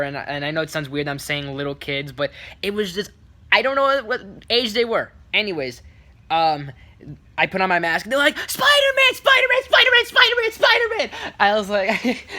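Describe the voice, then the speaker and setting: A man telling a casual story on his vlog, rambling with many restarts and fillers and bringing it to life by acting out what others said. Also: fairly high pitch. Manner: lively retelling with quick quoted voices. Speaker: vlogger.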